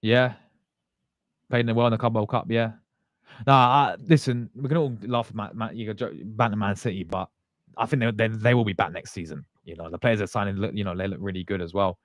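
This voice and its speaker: A fan channel host with a fairly low, steady voice talks fairly quickly and casually to his livestream viewers. He rambles in a loose, slangy way, often restarting sentences, and the sound is dry and close with no room echo.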